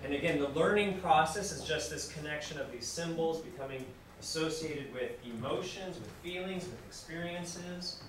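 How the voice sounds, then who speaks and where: Male lecturer, somewhat high voice, animated and repetitive, teaching language learners; recorded far off in a very echoey classroom with noise. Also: normal speed, hardly any pauses. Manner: animated, acts out examples and asks the class questions; speaks simply and repeats phrases for language learners. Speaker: university lecturer. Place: classroom with students.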